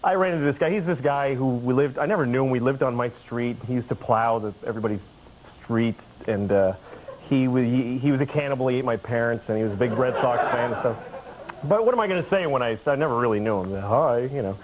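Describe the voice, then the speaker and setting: A man in his thirties from the Boston area, a comedian guest telling absurd stories deadpan, rambling along and now and then yelling. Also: medium pitch, quick pace, rough recording. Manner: deadpan, rambling with sudden yelled bits. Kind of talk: deadpan absurd talk-show storytelling. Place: TV studio. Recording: old VHS broadcast with tape hiss.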